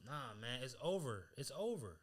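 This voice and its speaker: A man co-hosting a podcast in casual chat, talking in an animated, emphatic way full of slang. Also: medium pitch, moderate pace. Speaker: podcast co-host.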